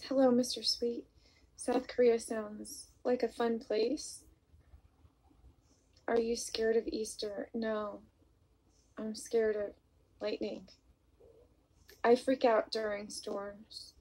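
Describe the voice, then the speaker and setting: Husky-voiced woman chatting on a live stream. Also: fairly high pitch, little pitch movement, takes it slowly, pauses often, poor audio. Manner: soft, confiding and apologetic, talking openly about her mood disorder. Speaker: vlogger hosting a live stream. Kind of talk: casual live-stream chat, greeting viewers and reading comments.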